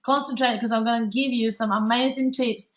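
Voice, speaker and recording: A woman from Italy with an Italian accent, hosting a live webinar in a fast, bubbly, chatty way with many fillers. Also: fairly high pitch, fairly even intonation, a bit bright. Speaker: webinar host.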